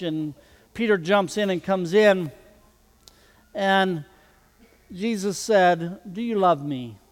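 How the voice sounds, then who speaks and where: Male preacher, high voice, slow deliberate sermon delivery, hall reverb. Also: clear, resonant tone.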